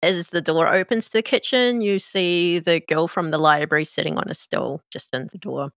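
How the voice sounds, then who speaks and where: Woman running a tabletop game, calm descriptive narration, dry close mic. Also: lowish voice, moderate pace, no room sound. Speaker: game master.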